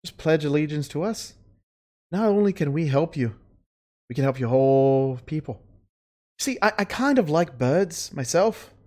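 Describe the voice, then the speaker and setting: A scheming fey courtier from a tabletop game, voiced by the game master, who swears freely and makes a pushy pitch. The voice swoops up and down a lot. She coaxes and needles in turn. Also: expressive, moderate pace, a little mellow, natural voice. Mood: coaxing. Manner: profane persuasive sales pitch. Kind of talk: tabletop role-play.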